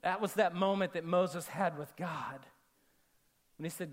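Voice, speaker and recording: High-voiced male pastor preaching animatedly. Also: unhurried, long pauses. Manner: animated, acts out quoted voices, drops to soft intimate tones for emphasis. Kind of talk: sermon. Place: church auditorium with a congregation.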